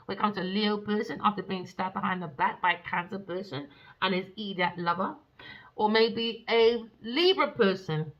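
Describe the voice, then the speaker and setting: Woman tarot reader, sassy and theatrical, sharp gravelly voice, dull lo-fi audio. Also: little pitch movement, a little fast. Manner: theatrical and sassy, with frequent swearing and pet names; swings between loud outbursts and low mutters. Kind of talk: tarot reading monologue. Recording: dull lo-fi recording.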